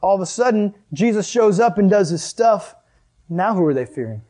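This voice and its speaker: A man's voice: high-pitched, expressive, moderate pace, mellow. A man preaching a casual sermon as a youth pastor, conversational and emphatic with joking asides.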